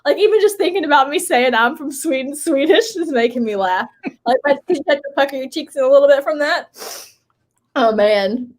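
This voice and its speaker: A high-voiced woman chatting on a casual livestream. She rambles from one story to the next, giggling often and talking with loose, easy energy. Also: lively intonation, a little fast. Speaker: livestream co-host. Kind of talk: casual live chat.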